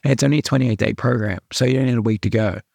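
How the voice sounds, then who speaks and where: Gravelly Australian man telling his story. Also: medium pitch, racing, darkish tone, dry recording, clean studio sound. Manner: earnest, repeats himself, full of likes and rights. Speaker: podcast guest. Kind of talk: candid storytelling.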